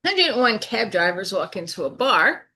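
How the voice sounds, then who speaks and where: A woman telling improvised bar jokes on a video call with a brisk delivery built toward the punchline. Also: mid-range voice, very animated, sharp tone. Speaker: improv player.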